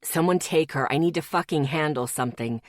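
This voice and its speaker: Audiobook: woman reads angry guarding young man, lowered, growling voice. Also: brisk, no echo, studio quality, close to an everyday voice. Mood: hushed. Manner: hushed at first, then growling and shaking with anger. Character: young man, protective and furious. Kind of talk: audiobook character reading.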